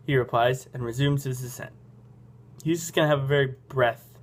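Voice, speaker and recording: A man's voice: medium pitch, fairly even intonation, normal speed. A man hosting a game channel, reading a story game aloud in a goofy, self-mocking way.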